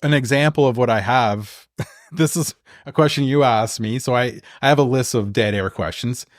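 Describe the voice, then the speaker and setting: An easygoing Canadian man co-hosting a casual podcast chat. His voice sits at an ordinary middle pitch and is recorded dry and close. He often drops in short murmurs of agreement. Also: moderate pace, no echo. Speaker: podcast co-host. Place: local museum.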